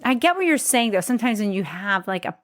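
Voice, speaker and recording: Woman, podcast co-host, lively swooping pitch, chatty, relaxed wine-tasting talk. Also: fast. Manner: chatty, animated, with filler words. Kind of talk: casual wine-tasting chat.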